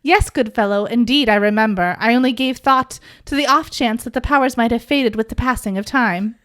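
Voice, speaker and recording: A woman voicing a young man who speaks like a courtly, overly formal old gentleman. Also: a little high, fairly quick, natural voice. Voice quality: overly formal, theatrical old-fashioned diction.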